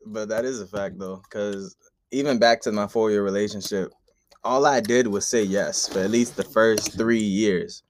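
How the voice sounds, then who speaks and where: A young man speaks as a podcast co-host in a relaxed, agreeable way. His voice sits somewhat low and stays easygoing. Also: moderate pace. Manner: laid-back, agreeable, chuckling along. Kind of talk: casual podcast chat.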